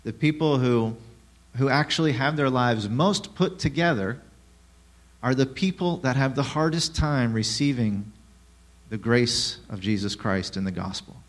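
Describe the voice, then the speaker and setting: A man with a mid-pitched voice preaches a sermon. He keeps asking the listeners questions and throws in sarcastic asides. His delivery swings between hushed and loud. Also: unhurried. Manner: rhetorical questions, lively shifts in loudness.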